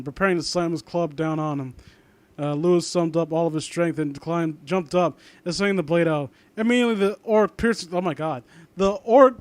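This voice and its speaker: Rambling high-voiced young man reading aloud. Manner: rambling, sarcastic asides, trails off. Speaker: commentator reading and mocking fan fiction. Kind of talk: casual reading and commentary.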